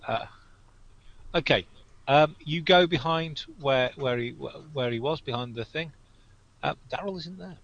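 A man narrating as game master in a casual tabletop game, talking haltingly with many fillers and restarts. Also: on the high side, fairly bright tone. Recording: slightly dull lo-fi sound.

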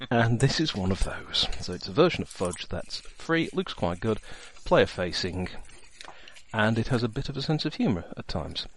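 A man's voice: lowish voice, big pitch swings, normal speed, a bit bright, slight background noise. A man, the game master, chatting in a rambling way full of fillers and asides as he sets up a tabletop role-playing game. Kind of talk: casual chat, setting up a tabletop game.

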